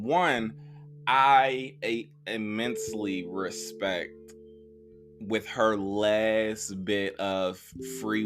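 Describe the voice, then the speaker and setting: A man co-hosting a casual horror movie podcast, talking bluntly with lots of slang. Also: on the low side. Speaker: podcast co-host. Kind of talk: casual movie review chat.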